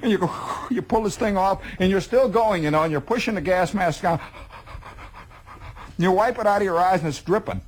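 A man's voice: high voice, moderate pace, slight background noise. A man telling a spoken monologue in a wry, exaggerating manner. He stacks up details and often repeats words as he goes. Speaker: storyteller.

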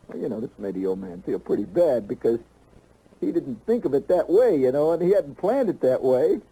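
Husky guy rambling thru a funny story, real dark mellow voice, keeps saying you know. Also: medium pitch, very animated, fairly quick, low-quality recording.

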